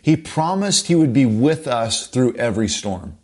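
A man's voice: medium pitch, expressive, moderate pace. A man preaching a sermon with an emphatic, urgent, repetitive delivery.

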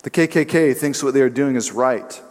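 A man's voice: medium pitch, moderate pace. A man preaching a sermon in an emphatic way, now and then acting out what others say in changing voices. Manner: emphatic, acts out quotes in shifting voices. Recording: long hall reverb.

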